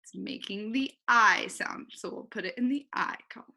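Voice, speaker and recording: A woman teacher giving a recorded online phonics lesson, talking slowly and clearly and saying each word twice. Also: medium pitch, bright, forceful tone.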